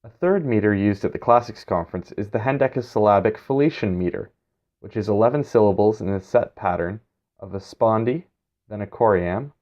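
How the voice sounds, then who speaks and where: Man, scripted lesson narration, lowish voice, measured, muffled lo-fi sound. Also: a little mellow. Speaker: instructor. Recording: dull, lo-fi recording.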